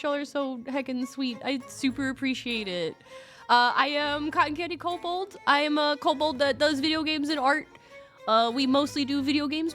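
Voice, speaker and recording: A woman's voice: high-pitched, fairly bright tone. A young woman chatting casually on a live stream, gushing and a little scattered as she talks to her viewers. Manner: bubbly, gushing and a bit scattered.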